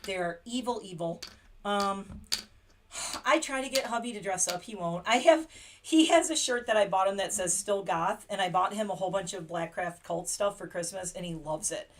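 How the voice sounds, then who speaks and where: A middle-aged woman from Pennsylvania, USA, hosts a casual livestream chat, rambling along and laughing often. Her voice is medium-pitched at a normal speed, and there's a little hiss or hum in the recording.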